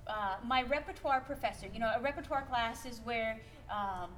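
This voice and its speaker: A woman's voice: on the high side, moderate pace, fairly bright tone, distant mic. A woman from Minnesota with a Minnesotan accent, giving a chatty piano lesson with playful emphasis and laughing asides. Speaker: piano teacher. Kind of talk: workshop lesson on piano playing.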